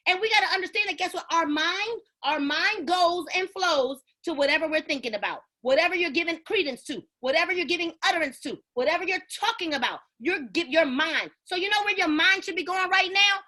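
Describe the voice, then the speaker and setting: A woman giving an energetic motivational talk on a video call, preaching and calling out to her listeners. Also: extremely high pitch, brisk. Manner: preachy, exclamatory, call-and-response. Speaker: network marketing leader.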